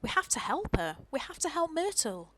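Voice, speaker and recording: A woman voicing an earnest, gentle young boy hero in a video game, soft-spoken. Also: sits high, very animated, normal speed, exaggerated voice.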